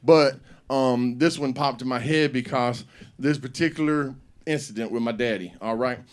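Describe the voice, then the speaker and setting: A man's voice: mid-range voice, moderate pace, clear, resonant tone. A middle-aged man hosting a comedy show on stage, telling profane stand-up stories and acting out scenes. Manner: loud, profane storytelling with act-outs.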